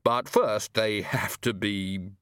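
A man's voice: on the low side, takes it slowly, fairly bright tone, clean tone, dry recording, studio quality. A man voicing a nervous shopkeeper who stammers and flusters. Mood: flustered.

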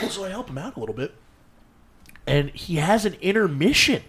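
A man from Eastern Pennsylvania, a comedian telling stories in casual podcast chat, animated and profane. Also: high-pitched, normal speed, a crowd in the background. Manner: animated, profane storytelling with loud bursts.

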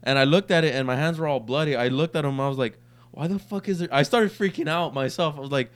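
A man's voice: medium pitch, fast, clean tone. Young man telling a profane story. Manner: profane, animated storyteller acting out quotes. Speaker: podcast co-host. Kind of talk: casual storytelling.

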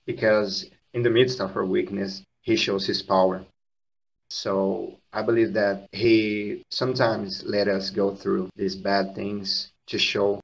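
A man co-hosting a podcast, speaking carefully and deliberately in simple phrases. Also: fairly low pitch, creaky. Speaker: podcast co-host. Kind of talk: reflective faith discussion. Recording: dull lo-fi audio.

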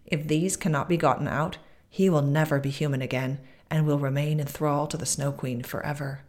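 A woman reads as a tiny, wise old woman of the far north. She speaks brisk and stern, keeping her counsel in a low voice. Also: fairly even intonation, darkish tone. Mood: hushed.

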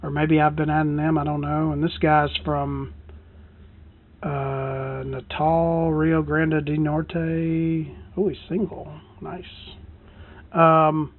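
A woman's voice: sits low, fairly even intonation, slow pace. A woman hosting a casual solo podcast from her parked truck, rambling and swearing freely with self-deprecating asides. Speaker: podcast host. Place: parked truck in a parking lot. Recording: dry, tinny phone-like sound.

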